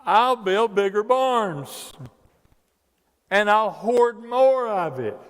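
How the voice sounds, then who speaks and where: A man's voice: sits high, animated, very slow, voice pushed up, full character voice. A preacher voicing a greedy rich farmer fretting over where to store his crops. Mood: fretful. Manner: fretful, then smugly scheming. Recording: long church reverb.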